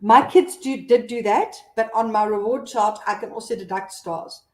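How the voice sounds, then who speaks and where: South african mom blogger going live, chatty, laughs a lot, kinda high voice, echoey room. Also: female voice, moderate pace, a little mellow. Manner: chatty, reads out viewer comments, laughs often. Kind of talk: casual live-stream chat.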